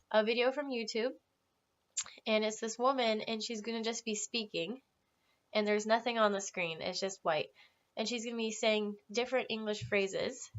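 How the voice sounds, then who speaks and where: A woman teaching an English class, slowly modeling phrases for her students to repeat. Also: a bit bright. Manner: slow, careful modeling of phrases for repetition. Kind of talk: classroom language lesson. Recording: slightly muffled low-fidelity recording.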